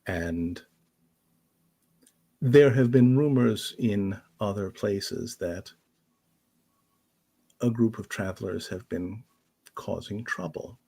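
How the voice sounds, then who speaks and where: A man voicing a poised woman leader who questions strangers in a measured, interrogating way, in a tabletop game. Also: fairly low pitch, gravelly, warm tone, husky, heavily acted. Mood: probing.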